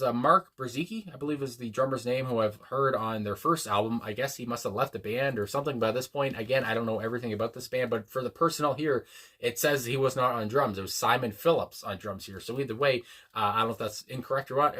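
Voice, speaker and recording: A man with a bright, forward voice talks through his thoughts in a loose, rambling way. He hesitates often and restarts sentences, leaning on fillers. His tone stays earnest and reflective. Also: medium pitch, fast. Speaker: music reaction host. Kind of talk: casual spoken reaction.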